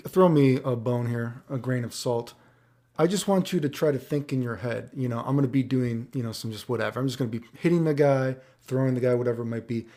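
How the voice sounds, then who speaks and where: A man's voice: medium pitch, vocal fry, mellow. A man giving casual commentary over gameplay footage, rambling, swearing and checking in with the viewer. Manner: rambling, profane, keeps checking in with "right?". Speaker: fighting game commentator.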